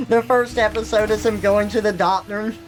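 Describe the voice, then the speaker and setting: A woman's voice: mid-range voice, a little hiss or hum, rough recording. A woman streaming live who chats casually and laughs often as she retells jokes. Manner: giggly, animated, retells jokes with voices.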